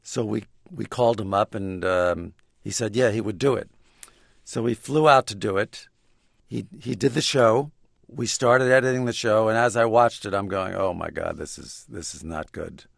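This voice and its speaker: An older male comedy writer tells anecdotes in a wry, chuckling way and acts out the quotes as he goes. His voice sits fairly low, and the recording is close and dry with no room sound. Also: moderate pace, vocal fry, no echo. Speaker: guest, comedy writer and actor. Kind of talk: casual interview anecdotes.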